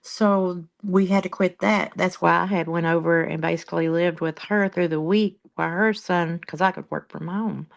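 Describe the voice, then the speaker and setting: A woman's voice: on the low side, fairly even intonation, moderate pace, gravelly, hardly any pauses. A woman chatting in a casual group discussion about caring for a relative, rambling with lots of fillers. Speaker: family caregiver in discussion. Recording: dull lo-fi sound.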